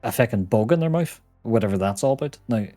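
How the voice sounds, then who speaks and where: Young male stream host, easygoing, mid-pitched, light music underneath. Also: animated, fast talker, dark tone, no room sound. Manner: laid-back, laughs easily, reads chat. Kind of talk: casual gaming stream chat.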